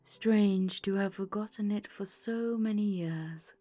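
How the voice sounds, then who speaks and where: A woman voicing a gentle, mild ghost in a storybook reading, speaking softly and slowly. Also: medium pitch, soft background music. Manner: soft, mild, measured.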